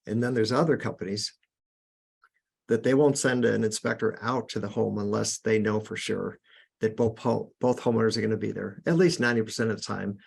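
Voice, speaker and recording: A man's voice: on the low side, fairly quick, vocal fry, husky. A man hosting a podcast, giving earnest, casual sales coaching with frequent restarts. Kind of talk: casual instructional talk.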